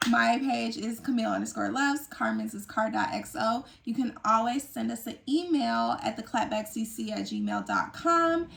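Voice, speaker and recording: A woman's voice: on the high side, very animated, moderate pace, vocal fry, hardly any pauses, fairly bright tone, slight background noise. A woman co-hosting a podcast, chatting casually in a laid-back, drawling way. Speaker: podcast co-host. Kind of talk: casual chat.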